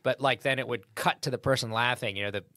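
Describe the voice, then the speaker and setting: A comedian in a podcast interview, telling a story in a lively, casual way and acting out what people said. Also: male voice, mid-range voice, fast talker, no room sound, clean studio sound. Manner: animated anecdote with acted-out quotes. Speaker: comedian guest.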